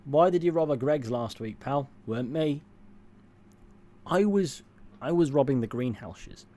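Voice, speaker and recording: A man's voice: medium pitch, animated, a little slow, warm tone. A man streaming, casually reading out chat comments and answering them in a dry, offhand way. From England.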